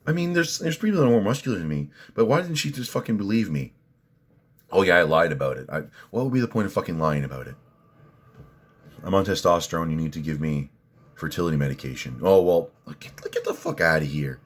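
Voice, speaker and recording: A man ranting on a livestream while reading viewer comments, cursing, bursting into loud outrage and then muttering. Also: very deep voice, animated, fairly quick. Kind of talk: profane ranting livestream chat.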